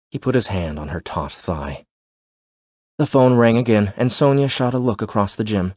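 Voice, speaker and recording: Brief: male narrator, low voice, steady scripted delivery, dry close sound. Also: normal speed, no echo. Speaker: audiobook narrator.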